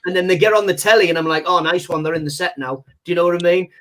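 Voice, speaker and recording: A chatty man on a video call who talks in loose, rambling runs, stacked with fillers. His voice is high and bright, with faint hiss in the line. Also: racing. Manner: chatty, rambling, full of fillers like "you know". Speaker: guest impressionist. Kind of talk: casual chat on a video call.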